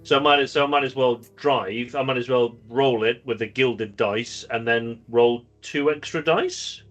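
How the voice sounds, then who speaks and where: A man's voice: medium pitch, a little slow, a bit bright, faint music behind. Chatty male tabletop player. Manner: chatty, works through dice rules aloud. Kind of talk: casual tabletop play.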